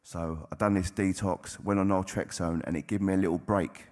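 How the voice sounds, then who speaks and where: Speaking at normal speed in a low, steady, darkish voice, this recovering addict gives a candid testimony to a convention audience. His talk is plain and blunt, with frequent swearing.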